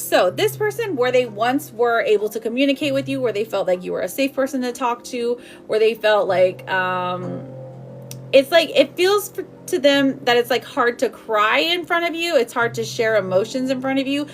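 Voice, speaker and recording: A fairly high-pitched, animated woman reads tarot live at a moderate pace, faint music behind her. Affectionate and talkative, she calls viewers babe and sweetheart and peppers her speech with "like" and laughs.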